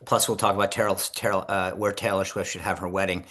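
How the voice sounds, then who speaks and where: A man co-hosting a political talk show. He talks casually and jokily in halting bursts, full of fillers. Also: sits low, level tone, a crowd in the background.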